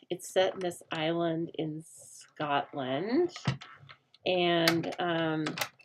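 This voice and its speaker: A middle-aged American woman hosting a casual crafting chat, talking aloud as she works and often dropping to a soft murmur. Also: on the low side, a little hiss or hum. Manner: chatty, thinks aloud, drops to a soft murmur while working. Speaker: craft host.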